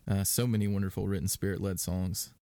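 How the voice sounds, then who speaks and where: A man with a low, gravelly voice talks casually in a podcast interview. He wanders through his answers with frequent fillers and restarts. The sound is dry and close. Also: fairly even intonation, fast, dark tone, dry recording. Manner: rambling with many fillers and restarts. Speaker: worship leader and podcast guest.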